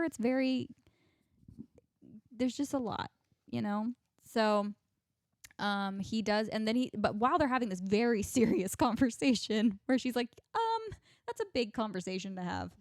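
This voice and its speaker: A woman's voice: on the high side, no echo, clean studio sound. A woman co-hosting a podcast, chatting casually about a TV episode and acting out the characters' lines. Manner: animated, acts out characters' lines in quick asides. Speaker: podcast co-host. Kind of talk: casual chat recapping a TV episode.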